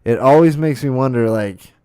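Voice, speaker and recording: Young man, podcast host, ranting, profane, incredulous, smooth resonant voice, dry sound. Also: medium pitch, moderate pace, dark tone, dry recording. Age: young adult. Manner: profane, incredulous, swearing often. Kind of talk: ranting monologue.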